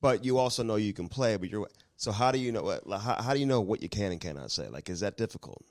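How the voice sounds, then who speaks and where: A man co-hosting a podcast, asking questions in an eager, animated way. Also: fairly low pitch, fast talker. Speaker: podcast co-host. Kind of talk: casual chat.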